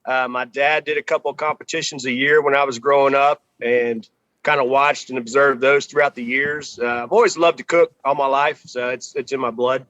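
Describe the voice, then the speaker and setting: A man from Texas, guest on a barbecue podcast, chatting in a relaxed way with many pauses, on a video call from outdoors. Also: medium pitch, dry recording, muffled recording. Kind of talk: casual podcast conversation.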